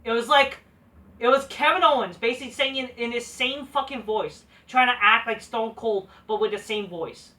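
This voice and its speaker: A woman rants about a wrestling broadcast in a bright, tense voice, swearing freely and tossing in sarcastic asides. She circles back with "like" and false starts. She sits a little back from the microphone. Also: on the high side, moderate pace, recorded from a distance. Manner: profane, repeats "like" and restarts often, sarcastic. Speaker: wrestling show reviewer. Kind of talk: ranting show review.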